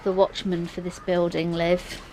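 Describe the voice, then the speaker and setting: A woman vlogging outdoors on a handheld phone, chatting in a rambling, casual way that sometimes turns soft and subdued. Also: lowish voice, completely flat delivery, a little slow. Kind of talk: casual walking vlog. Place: outdoors on a street. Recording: noisy outdoor street.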